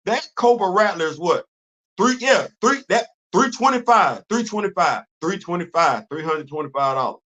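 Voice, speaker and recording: A middle-aged man hosting a casual solo livestream, animated, repeating himself and quizzing himself in asides. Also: sits high, moderate pace. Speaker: host. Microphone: livestream studio setup.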